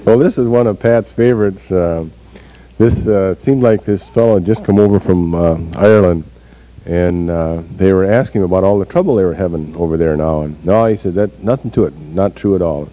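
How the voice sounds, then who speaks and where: A man telling a joke in a halting way, with many fillers. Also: low-pitched, warm tone, rough recording.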